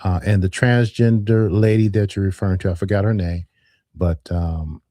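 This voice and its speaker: A man hosting a live call-in show, speaking in a calm, measured way and often saying "all right". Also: deep voice, dry recording.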